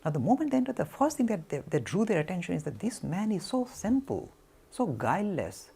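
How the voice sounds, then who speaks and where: A man giving a spiritual talk, telling a story in an animated way and acting out the quotes. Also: high voice, brisk, vocal fry, slightly rough. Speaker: lecturer.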